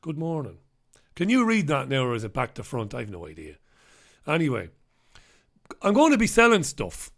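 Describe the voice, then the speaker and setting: A man's voice: mid-range voice, huge pitch swings, moderate pace, long pauses. A middle-aged man, hosting a casual live-stream and chatting, joking and reading out viewers' names. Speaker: host.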